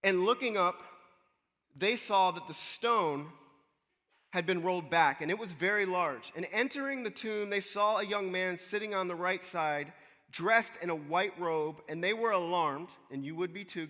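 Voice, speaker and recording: Man, pastor, casual animated sermon, high voice, very bright tone, long hall reverb. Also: normal speed.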